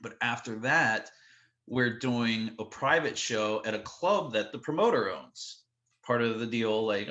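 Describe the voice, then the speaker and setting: A man's voice: medium pitch, a little slow, fairly bright tone, highs cut off. Rambling man telling a road story, roomy sound. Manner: rambling, full of "like" and quoted asides. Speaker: touring drum tech, guest. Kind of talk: casual storytelling.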